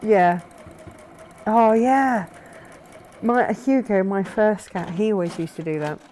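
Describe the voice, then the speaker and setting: A woman's voice: mid-range voice, slow pace, mellow, a little hiss or hum. Cheerful woman reading out viewer comments. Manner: cheerful, reads comments aloud, laughs easily. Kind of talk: casual chat.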